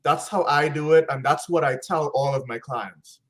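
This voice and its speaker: A business consultant appears as a guest on a podcast for a casual interview chat, speaking upbeat and loose with plenty of slang and catchphrases. His voice is fairly high and fairly bright, at a normal speed.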